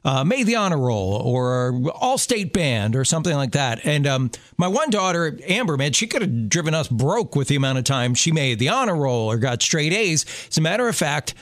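A man's voice: on the high side, very animated, normal speed, hardly any pauses, no room sound, studio quality. A middle-aged man co-hosting a show, telling family stories in a chatty way and often restarting his sentences. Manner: chatty storyteller, self-correcting with restarts. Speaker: radio show co-host. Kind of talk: casual chat.

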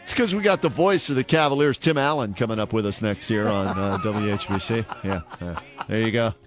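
A man's voice: lowish voice, fairly quick, over music. A man hosting a sports talk radio show in the studio, joking and fumbling for names.

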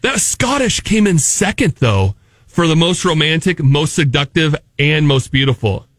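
A man's voice: a little high, animated, measured pace, fairly bright tone, dry recording, studio quality. A man co-hosting a radio morning show, playful and hamming it up in casual banter.

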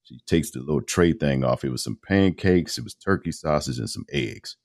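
A man in his fifties, a radio host and voice-over artist, telling his story in a casual, animated interview with colloquial phrasing. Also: very deep voice, normal speed, creaky. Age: 50s.

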